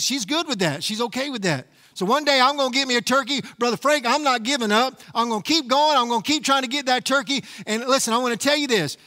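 Man, pastor, emphatic sermon, bright forceful voice, echoey hall. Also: very high-pitched. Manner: emphatic preaching with frequent calls to the congregation. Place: church sanctuary.

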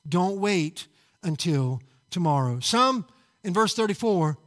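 A male pastor preaches at a church service with fervent urgency, repeating his calls and tripping over words when he gets worked up. His high-pitched, slightly bright voice is expressive and slow.

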